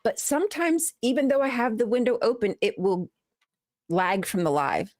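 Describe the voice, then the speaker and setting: A woman co-hosting a live talk stream, chatting casually with quick, expressive remarks. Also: fairly high pitch, no echo, studio quality. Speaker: co-host of a live talk show.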